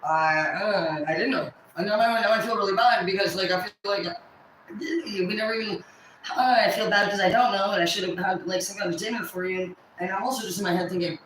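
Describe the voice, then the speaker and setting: A woman in her forties venting on a livestream in rambling, profane, halting speech. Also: medium pitch, fairly bright tone, heavy reverb, a little hiss or hum, rough recording.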